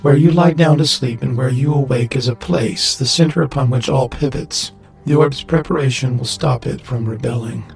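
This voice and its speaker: A man voicing an ancient sentient orb that answers in a flat, oracular manner. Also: medium pitch, moderate pace, creaky, soft background music, natural voice.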